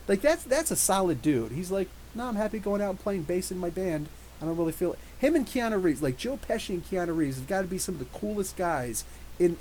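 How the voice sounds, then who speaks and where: Animated rambling man, lively pitch. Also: a little hiss or hum, rough recording. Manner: animated, rambling, quick asides, laughs often. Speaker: podcast host. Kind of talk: live stream chat reading super chats.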